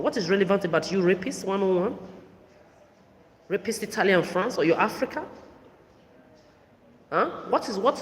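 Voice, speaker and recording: A woman in her thirties delivering an angry, profane, accusatory solo monologue as a podcast host. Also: mid-range voice. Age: 30s. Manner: furious, profane, accusatory ranting. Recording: reverberant room, faint background noise.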